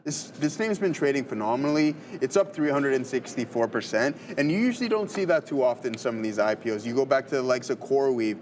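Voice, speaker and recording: Dude co-hosting a live trading stream, thinks out loud, kinda rambly, faint hiss behind. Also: male voice, mid-range voice, expressive, fast talker, few pauses. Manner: loose, thinks aloud with fillers and restarts. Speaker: day trader co-host.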